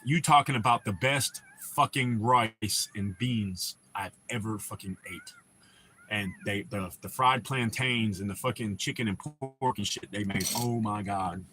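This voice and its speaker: A man's voice: lowish voice, unhurried, bright, forceful tone, slight background noise. A young American man hosting a casual livestream, telling rambling, profane stories to his chat. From United States. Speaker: livestream host.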